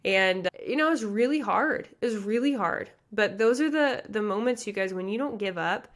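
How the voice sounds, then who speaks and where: Passionate fast-talking woman coach. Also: mid-range voice, animated. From US Midwest. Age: 30s. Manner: earnest, fast and passionate, with many "like" and "you guys" fillers. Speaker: pageant coach and podcast host. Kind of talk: motivational podcast monologue.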